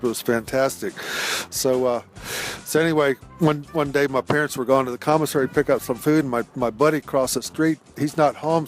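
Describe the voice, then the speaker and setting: A middle-aged man telling a rambling, profane personal anecdote in a laid-back way. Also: mid-range voice. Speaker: storyteller. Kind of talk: recorded anecdote.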